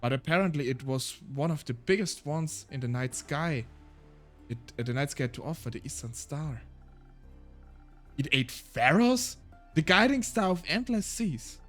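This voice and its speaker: A man streaming a game, chatting casually and reading its text aloud, laughing often and tripping over his words. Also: medium pitch.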